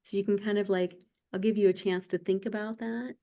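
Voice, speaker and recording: A woman's voice: mid-range voice, steady tone, a little fast, dark tone. A woman hosting a webinar on a video call, wrapping up in a conversational way with fillers. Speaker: webinar host. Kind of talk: webinar wrap-up.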